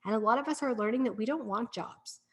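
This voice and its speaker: A middle-aged breathwork practitioner appears as a guest on a casual podcast, talking quickly in a slightly high voice. She tells her story in an earnest, encouraging way.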